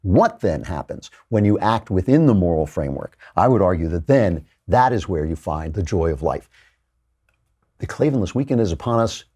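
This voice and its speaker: A male host giving a lecture-style monologue on his show, with a low, husky voice that swings widely in pitch. His tone is dark and mellow, and he often repeats words as he builds a point. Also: sing-song, moderate pace.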